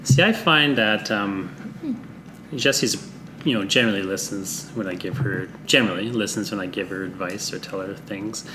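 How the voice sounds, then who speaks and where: A man's voice: fairly low pitch, normal speed, noisy background. A middle-aged man hosting a podcast in casual chat, rambling and hesitant, laughing often. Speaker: podcast host.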